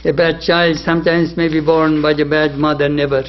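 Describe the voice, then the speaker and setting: A man's voice: fairly high pitch, flat delivery, normal speed, highs cut off. A monk giving a devotional lecture, telling stories and rising animatedly when he quotes. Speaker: monk lecturing on spiritual life.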